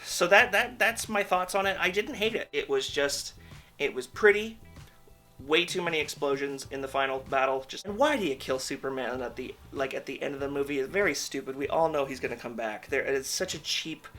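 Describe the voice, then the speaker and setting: A man's voice: mid-range voice, brisk, pushed and bright, faint music behind. A man giving a candid, rambling movie review in a casual vlog, swearing freely. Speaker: film reviewer.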